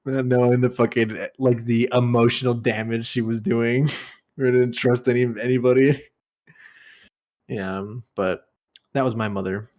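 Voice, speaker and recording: Young man, podcast co-host, casual chat, laughs a lot, mid pitch. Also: moderate pace. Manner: laughs often while telling stories, animated when quoting.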